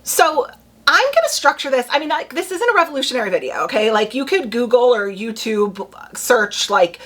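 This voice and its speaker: A young woman chatting casually to camera about book picks, full of quick asides and "like". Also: a little high, very animated, fairly bright tone. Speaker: booktube creator.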